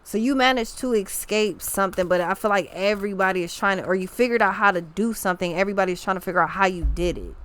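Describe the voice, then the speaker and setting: A woman's voice: medium pitch, fast talker, few pauses, fairly bright tone. A young woman talks through a tarot reading in a loose, casual way. She rambles, restarts her thoughts and leans on slang for emphasis. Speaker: tarot reader.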